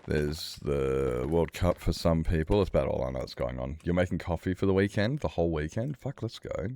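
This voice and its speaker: Low, gravelly-voiced man chatting casually. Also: animated, brisk, warm tone, dry recording. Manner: rambling and swearing, with frequent laughs. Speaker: streamer. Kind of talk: casual chat while playing a game.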